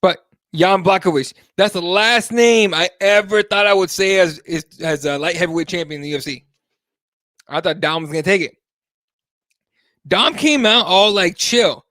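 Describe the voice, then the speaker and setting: Animated high-voiced male MMA show host. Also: normal speed, dry recording, clean studio sound. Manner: casual, animated, swears freely, reads chat aloud. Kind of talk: live MMA talk show commentary.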